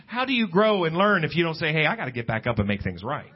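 A man preaching a sermon at a church service, talking conversationally and climbing in pitch when he stresses a point. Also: big pitch swings, fast, hardly any pauses. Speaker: pastor. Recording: dull lo-fi church recording with faint guitar.

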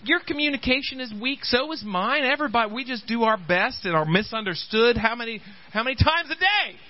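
A pastor preaching a sermon in an animated, halting way, often acting out the voices of the people he quotes. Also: extremely high pitch, lo-fi sound.

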